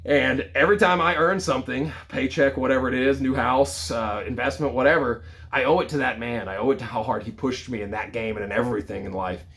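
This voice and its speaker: Man, thirties, mid-pitched, casual storyteller, lively and conversational. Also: a little fast. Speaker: sales leader.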